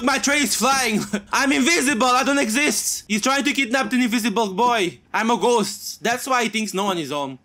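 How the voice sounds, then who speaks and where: A man with a strikingly high voice and a bright, sharp tone, doing let's play commentary on a horror game. He is excitable and jokey, and keeps shouting at characters on screen. Faint game music plays underneath. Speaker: gaming YouTuber.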